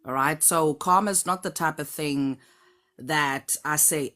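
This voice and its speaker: A middle-aged woman with a notably low voice talks through a personal story. She is measured and reflective, coming through a phone or video call. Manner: measured, reflective, lively when joking. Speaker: caller on a live stream.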